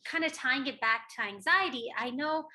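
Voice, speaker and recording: Young woman, high bright voice, bubbly, laughs often, casual podcast guest chat. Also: normal speed. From United States. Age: young adult.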